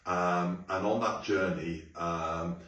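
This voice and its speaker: A man teaching a song to a class, explaining casually and bursting into loud sung phrases. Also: low voice, steady tone, slow pace. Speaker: music teacher. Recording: echoey room, mic at a distance.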